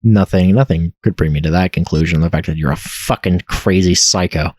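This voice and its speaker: A man's voice: low voice, a little fast, darkish tone, no echo. Sarcastic, swearing man playing a horror game. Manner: sarcastic, profane. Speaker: let's play gamer. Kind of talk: horror game let's play commentary.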